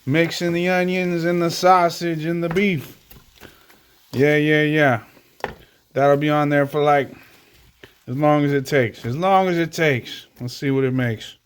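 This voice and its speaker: A man's voice: fairly high pitch, steady tone, measured pace, pauses often, a little hiss or hum. A man chatting casually while cooking at home, rambling and swearing, with joking asides to the camera. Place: home kitchen.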